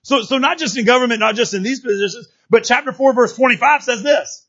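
A man preaching a sermon in a conversational, animated way, often restarting his words. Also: very high voice, a little fast, breathy edge, lo-fi sound. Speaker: pastor.

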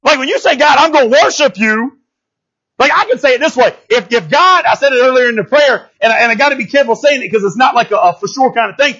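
A male pastor preaches in an animated, conversational way, often turning to the congregation to ask if they follow him. His voice sits unusually high for a man and has a husky edge. The recording sounds muffled and lo-fi. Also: quick pace, hardly any pauses. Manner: animated, talks straight to the congregation, often asks "you know what I'm saying?". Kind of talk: conversational sermon.

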